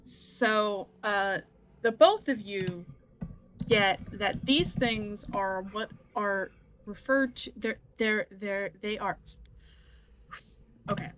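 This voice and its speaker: A woman's voice: mid-range voice, takes it slowly, fairly bright tone, a little hiss or hum. A woman narrating as game master in a tabletop game, hesitant and full of restarts.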